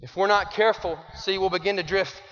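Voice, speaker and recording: A man giving an animated, folksy motivational talk to young people in an arena. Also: high-pitched, fairly quick. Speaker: youth speaker. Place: large arena. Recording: dull echoey arena recording.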